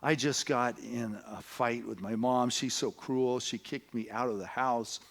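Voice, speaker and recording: An upset young girl speaks in a tearful, halting voice, low and quiet, as a male preacher acts her out. Her words stumble as she pours out her hurt. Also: fairly even intonation, creaky. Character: upset teenage girl who ran from home.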